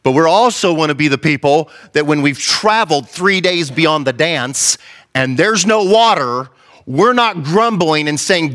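A man's voice: fairly high pitch, expressive, measured pace, fairly bright tone. A male pastor preaching an impassioned, conversational sermon and acting out the quotes he tells.

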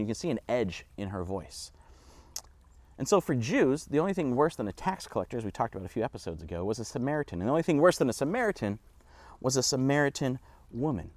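A man giving a casual, conversational Bible teaching with animated asides. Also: medium pitch, dry recording.

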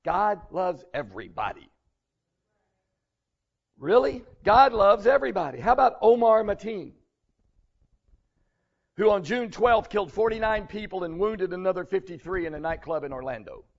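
Earnest high-voiced male pastor preaching. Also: big pitch swings, moderate pace, vocal fry, highs cut off. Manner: earnest, conversational preaching with rising emphasis. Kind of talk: sermon.

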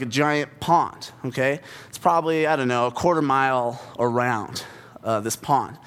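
A young man with a fairly high voice tells a story to open a sermon. He talks casually, with self-deprecating humor and lots of asides. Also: a bit bright. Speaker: preacher. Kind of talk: sermon opening with a personal story.

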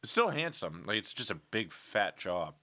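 Young guy comic on a podcast, swearing casually, voice bouncing up and down, bright tone. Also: lowish voice, sing-song, unhurried, no echo. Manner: laid-back, swears freely, cracks up at own jokes. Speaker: podcast co-host. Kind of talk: casual comedic banter.

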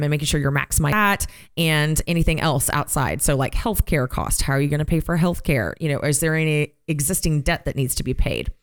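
A woman co-hosting a casual financial talk show, recapping points in a brisk, conversational way. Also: low-pitched, clean tone. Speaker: co-host.

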